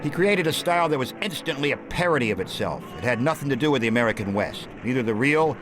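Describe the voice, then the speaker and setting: A man narrating a satirical film history in a sardonic, deadpan way. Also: medium pitch, fast talker, noisy background. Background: film score music.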